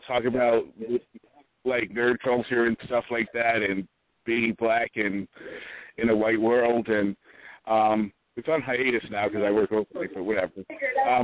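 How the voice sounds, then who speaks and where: A man guest talking in an offhand, deadpan way, heard over a phone-like line. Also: mid-range voice. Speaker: podcaster and comedian guest. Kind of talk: casual podcast chat. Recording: phone-like narrow sound.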